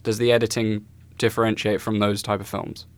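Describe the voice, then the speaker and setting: A man's voice: on the low side, level tone, fairly quick, clear, resonant tone, no echo. A man co-hosting a film podcast, asking questions while searching for his words. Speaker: podcast co-host. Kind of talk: casual film discussion.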